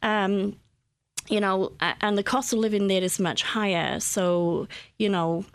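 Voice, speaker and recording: A woman's voice: medium pitch, steady tone, unhurried, smooth, dry recording. A middle-aged woman from Wales with a Welsh accent, chatting as a guest in an interview, full of fillers and restarts. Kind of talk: conversational interview.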